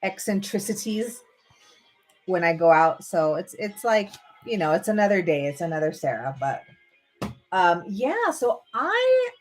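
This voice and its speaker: A woman's voice: medium pitch, sing-song, measured pace, faint music behind. Woman vlogger, loose chatty delivery, lots of restarts and "dude", at her computer in bed. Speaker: vlogger on a livestream. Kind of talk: rambling casual chat. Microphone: computer microphone.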